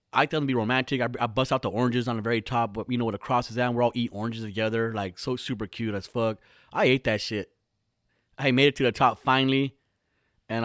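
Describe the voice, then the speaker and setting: A man's voice: medium pitch, fairly bright tone, dry recording, clean studio sound. A man hosting his own podcast, telling a long comic story in a rambling, heavily profane way with lots of restarts. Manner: rambling, heavy swearing, frequent restarts. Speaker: podcast host. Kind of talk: casual comedic storytelling. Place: lives in Southern California.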